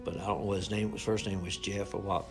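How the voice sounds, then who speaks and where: Over music, an eighty-something man with a low voice and flat delivery talks quickly about old family photographs. His storytelling is casual and meandering, folksy, with colloquial grammar.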